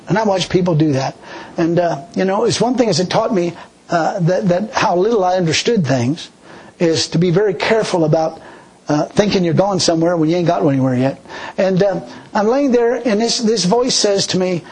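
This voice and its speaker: This sermon features a man recounting his own story in a conversational, folksy manner, often restarting his sentences. His tone is darkish and slightly rough, he lowers and slows his voice to quote God, and the recording is rough.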